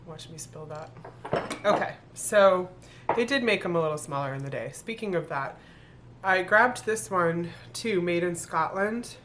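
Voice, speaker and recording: A middle-aged woman with a lowish voice talks casually through her thrift finds. She thinks aloud and corrects herself as she goes. A faint room hiss sits underneath her voice. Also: a little slow, fairly bright tone. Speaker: thrift reseller vlogger. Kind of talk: casual haul video talk.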